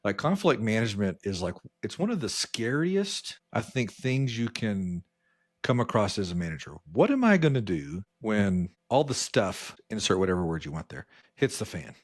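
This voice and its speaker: A man co-hosting a podcast, telling a work story in casual chat and jumping his voice up high when he quotes people. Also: sing-song, moderate pace. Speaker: podcast co-host.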